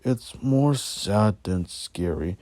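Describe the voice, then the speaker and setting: A man's voice: on the low side, animated, slow, darkish tone, dry recording. A man voicing a hesitant, uneasy teenage boy in a spoken horror story.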